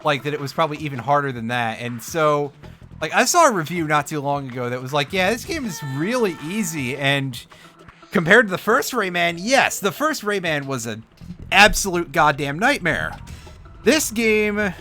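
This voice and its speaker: A man's voice: fairly high pitch, very animated, normal speed, sharp tone. A sleepy man streaming a video game, talking casually into a desk mic. He rambles in a wry, offhand way and corrects himself mid-thought. Faint music plays under his voice. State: sleepy, yawning. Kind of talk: casual let's-play commentary.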